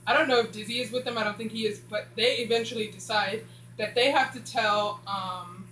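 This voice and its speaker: A woman rambles through a casual recap of a TV series, filling gaps with "blah blah." Her voice is bright and forward. It was recorded in an echoey room with a faint hum behind. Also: a little high, steady tone, a little fast. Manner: rambling, says "blah blah" a lot. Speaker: show reviewer.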